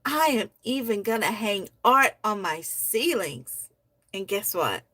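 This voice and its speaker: A woman at a middle pitch reads poems at an unhurried, lingering pace, soft-spoken and heartfelt. Between pieces she chats warmly about the writing as a poetry stream host. The sound is dry and close, with no room around it. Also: big pitch swings, no room sound. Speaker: host of a poetry society livestream. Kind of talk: reading members' poems aloud and commenting.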